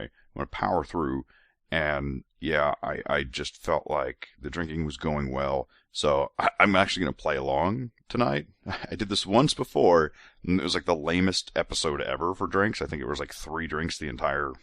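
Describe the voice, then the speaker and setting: A man's voice: rumbling low, a bit bright, no room sound, studio quality. A man hosting a podcast in a casual monologue, a little drunk, rambling and laughing with many restarts. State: tipsy from drinks. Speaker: podcast host.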